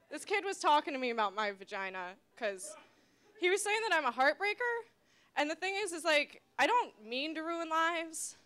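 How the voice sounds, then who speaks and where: A young woman doing a rambling, self-deprecating stand-up set, jumping into loud shrill voices for the people she quotes. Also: big pitch swings, normal speed, a faint crowd. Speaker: stand-up comedian.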